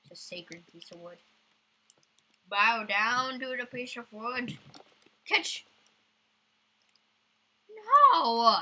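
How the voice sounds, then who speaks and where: A woman's voice: a little high, measured pace, pauses often, sharp tone, husky, poor audio. A woman doing goofy let's-play commentary, bursting into sudden squeals. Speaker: gamer.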